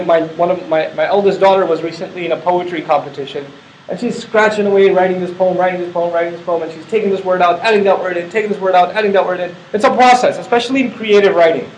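High-voiced man teaching in an echoey room. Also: a little mellow, a little hiss or hum. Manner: conversational, asks the audience rhetorical questions. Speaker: Quran teacher. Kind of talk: explanatory religious lecture.

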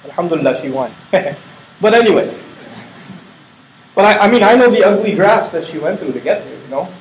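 A man's voice: high-pitched, expressive, brisk, a little hiss or hum. A middle-aged man giving a conversational religious lecture on scripture, often asking his listeners rhetorical questions. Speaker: Quran teacher. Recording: echoey lecture room.

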